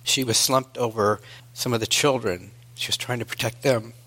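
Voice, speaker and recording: A male preacher delivering a sermon in an earnest storytelling manner, moving between hushed and emphatic. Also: mid-range voice, steady tone, moderate pace.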